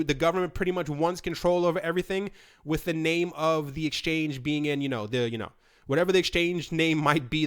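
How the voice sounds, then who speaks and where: Guy rambling thru crypto news on his channel, smooth clear voice, lots of uhs and restarts. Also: on the high side. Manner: chatty, rambling, many fillers and restarts. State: running out of breath. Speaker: crypto news video host. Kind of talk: casual solo commentary.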